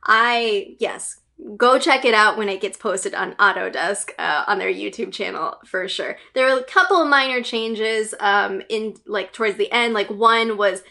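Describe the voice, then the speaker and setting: With a creaky, sharp mid-range voice and a measured pace, a woman hosts a gaming news channel. She's an enthusiastic fan offering a chatty, casual recap, sprinkled with frequent fillers and giggles.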